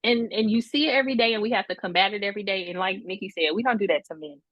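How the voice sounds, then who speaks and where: A woman hosting a casual chat, talking in an animated, emphatic way with quick asides. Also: mid-range voice, dry recording. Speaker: host. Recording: dull lo-fi dry sound.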